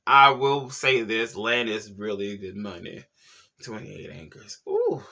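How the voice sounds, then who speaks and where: A man's voice: lowish voice, steady tone, slow pace, vocal fry, bright, forceful tone. A man hosting a casual celebrity gossip vlog, sassy and slangy, talking straight to his viewers. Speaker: YouTube pop culture host.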